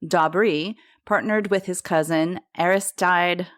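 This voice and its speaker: Low-voiced woman telling a podcast story. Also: steady tone, takes it slowly, no room sound, studio quality. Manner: chatty, self-correcting, laughs at her own pronunciation. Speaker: podcast co-host.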